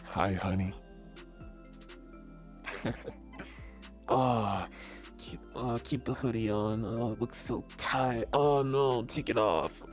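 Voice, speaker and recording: A woman's voice: slow pace, long pauses, darkish tone, soft background music. A woman using a voice modifier to play a flirty, seductive man, teasing and drawn out, on a casual livestream. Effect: voice modifier deepening the voice. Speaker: streamer.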